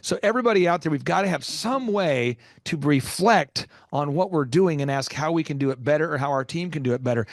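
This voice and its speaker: A man's voice: fairly high pitch, a little fast, few pauses, no room sound, studio quality. A man hosting a business podcast who interviews a guest and talks with energy and emphasis, acting out the people in his stories. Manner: energetic, emphatic, acts out quoted voices. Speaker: podcast host and business coach.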